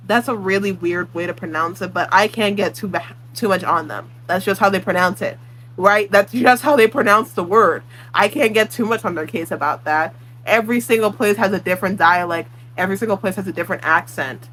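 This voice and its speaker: A woman's voice: mid-range voice, moderate pace, fairly bright tone, poor audio. A woman book vlogger ranting her opinions in casual talk, blunt and exasperated, swearing freely. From Puerto Rican.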